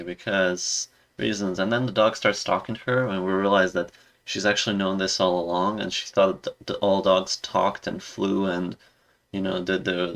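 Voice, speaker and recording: A man rambles through a casual review, sarcastic and exasperated at every turn. His voice sits low with a gravelly, creaky edge. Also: a bit bright. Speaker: video reviewer.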